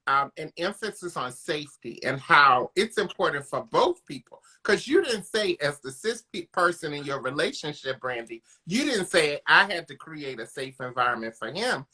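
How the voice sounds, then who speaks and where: Bright, lively panel moderator. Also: mid-range voice, normal speed, hardly any pauses, husky.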